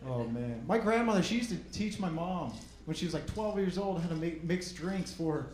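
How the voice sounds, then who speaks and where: A man's voice: fairly high pitch, animated, moderate pace. A male stand-up comedian on stage, telling stories and acting out the scenes. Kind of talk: stand-up routine. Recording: roomy club recording, loud noise.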